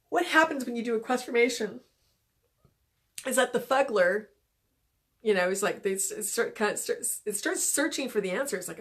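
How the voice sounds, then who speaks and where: A woman's voice: fairly high pitch, animated, normal speed, pauses often. A woman coaching in a casual monologue, rambling with many fillers and restarts. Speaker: life and business coach.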